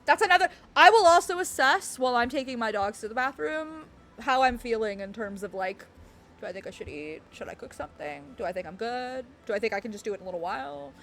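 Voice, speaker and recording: A woman's voice: on the high side, lively intonation, fast talker, vocal fry, a bit bright, slight background noise. A woman streamer chatting casually on a live stream, bubbly and giggly, rambling with lots of fillers. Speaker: game streamer.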